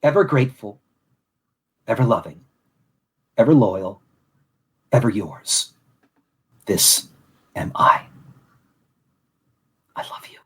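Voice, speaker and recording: A man reading a solemn, grandiose scripted monologue as a podcast host, deliberate and formal, then chatting casually. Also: on the low side, animated, fairly bright tone, husky.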